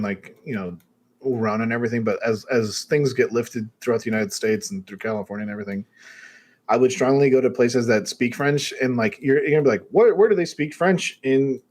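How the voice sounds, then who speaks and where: A young man co-hosting a gaming podcast, chatting casually and telling animated stories with casual swearing. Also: medium pitch. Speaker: podcast co-host. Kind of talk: casual chat.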